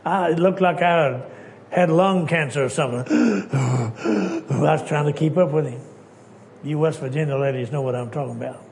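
A preacher from Texas, telling stories in an emphatic sermon that swings between hushed lines and loud ones. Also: male voice, fairly high pitch, moderate pace, vocal fry, slight background noise.

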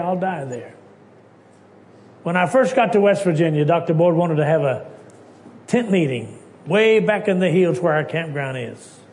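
A preacher from Texas, telling stories in an emphatic sermon that swings between hushed lines and loud ones. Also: male voice, on the high side.

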